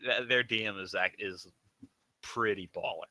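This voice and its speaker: A man's voice: on the low side, moderate pace, pushed and bright, rough recording. A man playing a tabletop game with friends, talking casually and hesitantly, often searching for words. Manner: hesitant, lots of uhs and restarts. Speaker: player. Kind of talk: casual gaming chat.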